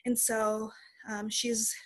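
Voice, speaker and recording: A woman's voice: a little high, completely flat delivery, slow, fairly bright tone. A young adult woman, a podcast guest, telling a personal story in a casual way with lots of "like" fillers.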